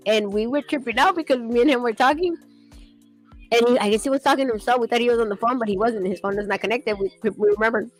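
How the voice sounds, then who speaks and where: A woman in casual chat who talks fast and acts out quotes with animated voices. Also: on the high side, faint music behind, low-quality recording. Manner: fast-talking, animated storyteller acting out quotes.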